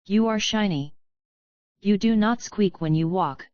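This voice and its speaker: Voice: medium pitch, unhurried, a little mellow, no room sound, dull audio, natural voice. A woman voicing a hyper, party-loving female pony who rattles off lists.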